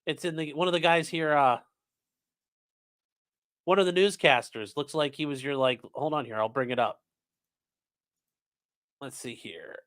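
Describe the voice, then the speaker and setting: A man's voice: medium pitch, fairly bright tone. A man hosts a casual live stream in a mid-range voice. He rambles and makes sarcastic jokes. He also reads viewer chat aloud as he reacts. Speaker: streamer host reacting to trial news.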